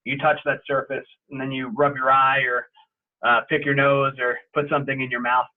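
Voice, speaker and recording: A young adult man giving a relaxed, explanatory safety talk over a video call, with frequent fillers. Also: mid-range voice, moderate pace. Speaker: sports medicine presenter. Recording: tinny phone-like call audio.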